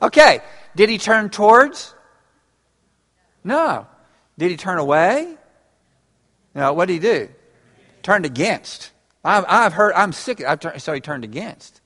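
A man's voice: high-pitched, sing-song, measured pace, pauses often, fairly bright tone, husky. A man preaching an interactive sermon, talking conversationally and laughing along with his congregation. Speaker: pastor. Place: church. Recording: reverberant church hall.

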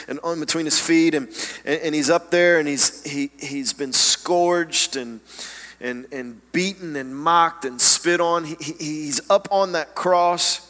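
A man preaching a sermon with an earnest, halting delivery, stumbling over repeated words. His voice is bright and fairly high, carried by the long reverb of a church hall.

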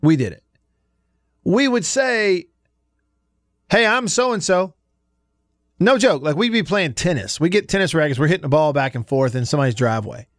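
A man's voice: on the high side, lively intonation, brisk, no echo, clean studio sound. A man in his forties from Alabama with a Southern accent, hosting a sports radio show and telling stories in a chatty way, laughing often. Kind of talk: casual sports radio talk.

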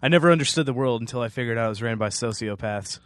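A man's voice: medium pitch, dry recording. Man asking questions on a podcast. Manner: prompting questions, quick laughs. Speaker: podcast co-host. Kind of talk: casual political chat.

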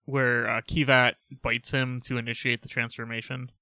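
A man with a bright, forward voice chiming in with short remarks during a podcast chat. The sound is dry and close. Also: mid-range voice, little pitch movement, moderate pace, dry recording. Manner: brief agreeing remarks. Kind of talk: casual chat.

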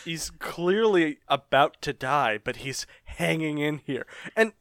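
Man, podcast co-host, casual chat, excitable, lively pitch, slightly high. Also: slow, clean tone, dry recording, studio quality. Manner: excitable, laughs often, swears casually. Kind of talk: casual chat about an anime.

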